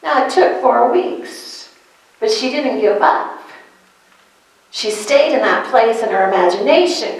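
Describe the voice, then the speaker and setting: Slow, emphatic woman preaching in an echoey hall. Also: on the high side, lively intonation. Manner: emphatic, asks the listeners questions, repeats key phrases. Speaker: minister. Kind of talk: sermon-style lesson to a congregation. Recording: echoey room.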